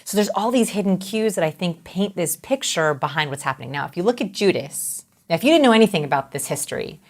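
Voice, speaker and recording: A woman with a slightly low voice speaks as a guest expert in an interview. She explains in a lively way, and she keeps slipping into little acted-out examples to make her points. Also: quick pace.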